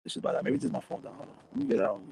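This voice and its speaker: A man's voice: fairly high pitch, huge pitch swings, racing, vocal fry, background noise. A man chatting casually as a panel guest over his phone, slangy, profane and laid-back. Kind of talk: casual chat. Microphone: phone on a call.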